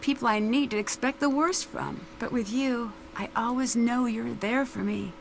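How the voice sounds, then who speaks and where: A woman's voice: fairly high pitch, steady tone, moderate pace, creaky, slight background noise. An actress playing a composed young woman detective in a mystery game. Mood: tender. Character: young woman detective, calm and self-assured. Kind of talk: voiced game dialogue.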